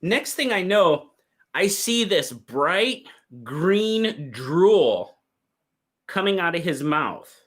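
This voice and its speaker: A man hosting a livestream, telling stories in a casual, drawn-out way and reading out chat. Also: sits high, sing-song, a bit bright. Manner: drawn-out, easygoing storytelling with quoted voices. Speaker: livestream host. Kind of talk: casual storytelling to live chat.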